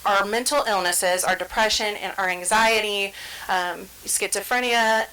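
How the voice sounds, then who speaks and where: In an unhurried, fairly even delivery, a woman with a medium-pitched, sharp yet smooth voice presents on stress and the brain as a trainer. She explains ideas conversationally, voices the inner thoughts of everyday scenes, and checks in with "right?". The recording quality is low.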